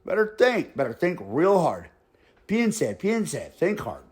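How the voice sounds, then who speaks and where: A man voicing a stern middle-aged male neighborhood boss who talks slowly and threateningly, slipping in Spanish phrases. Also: high voice, wildly swooping pitch, slightly rough, full character voice.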